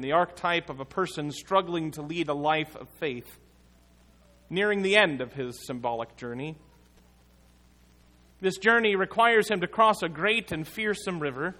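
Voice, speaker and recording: Slow, measured male preacher. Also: fairly high pitch, bright, forceful tone. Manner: measured, emphatic preaching with dramatic pauses. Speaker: pastor. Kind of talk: sermon.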